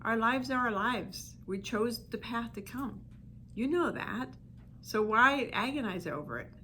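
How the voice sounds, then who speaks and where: A woman voicing her calm inner child. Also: a little high, unhurried, a little hiss or hum, rough recording. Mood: serene. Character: her cheerful young inner child, a girl.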